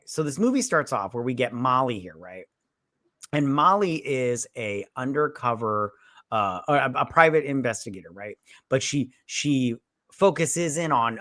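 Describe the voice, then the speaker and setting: On a studio-quality recording with no echo, a woman co-host with an extremely low, slightly bright voice speaks at a measured, animated pace in a casual movie review chat. She rambles, curses, and retells scenes, quoting lines from the characters.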